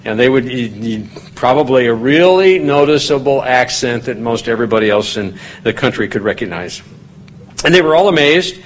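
A man's voice: lively intonation, moderate pace. Folksy man teaching from scripture. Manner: folksy and digressive, rising in pitch and volume when reading scripture aloud. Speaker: pastor teaching a Bible study. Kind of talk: conversational sermon.

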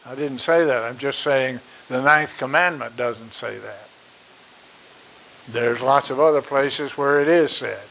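A man preaching a sermon. He speaks slowly and deliberately, stresses his key points by repeating them, and pauses on fillers. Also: medium pitch, vocal fry, a bit bright, poor audio.

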